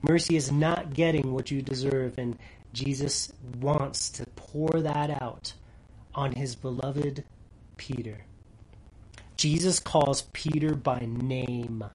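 A man preaching a sermon earnestly, dropping to soft near-whispers for tender lines and rising loud when reading scripture. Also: mid-range voice, fairly even intonation, slow pace, breathy edge, poor audio. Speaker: pastor.

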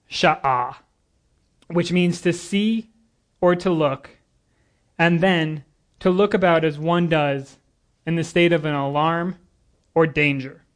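A man preaching a sermon to a congregation, earnest and a little nervous, with casual asides and jokes between the scripture readings. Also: fairly high pitch. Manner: earnest, nervous but lively, with asides and humor. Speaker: guest preacher.

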